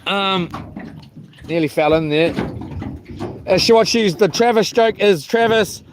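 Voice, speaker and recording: A man's voice: high voice, a little slow, background noise. A man, rambling and joking to his live chat from a small boat while fishing, with lots of ums. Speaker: fishing livestreamer.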